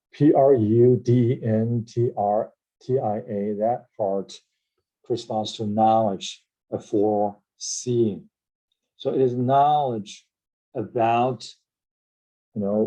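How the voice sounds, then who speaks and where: A man teaching an English vocabulary lesson, explaining word roots, spelling words out letter by letter and often checking with "right?" between pauses and filler sounds. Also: lowish voice, warm tone, poor audio.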